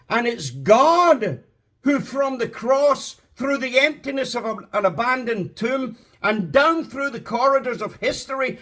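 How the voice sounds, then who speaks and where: A man preaching a sermon with passion, drawing out key words for emphasis and building up to shouts. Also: very high-pitched, animated. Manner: impassioned, rising to shouts; slow, drawn-out emphasis.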